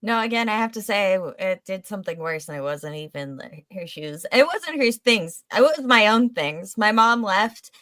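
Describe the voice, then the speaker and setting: A woman co-hosting a casual podcast chat, teasing the others with quick banter. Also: mid-range voice, expressive, fairly bright tone, no room sound. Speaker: podcast co-host.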